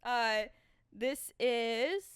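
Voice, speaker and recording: A woman's voice: a little high, extremely slow, clear, resonant tone, dry recording, studio quality. A woman co-hosting a book club podcast, chatting casually and reading passages aloud with playful giggles. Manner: giggly, playful, breaks into laughter. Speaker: podcast co-host.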